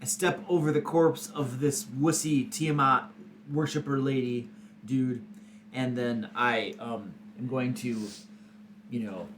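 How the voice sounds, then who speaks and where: A man takes his turn in a tabletop game with brash, joking trash talk. Clear background noise runs under his voice. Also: medium pitch, fairly even intonation, slow. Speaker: player.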